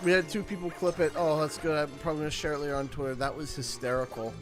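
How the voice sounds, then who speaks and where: Giggly high-voiced man streaming. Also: fast. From Canada. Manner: giggly, excitable, breaks into laughter. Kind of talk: casual livestream chat. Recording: game music faint underneath. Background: game music.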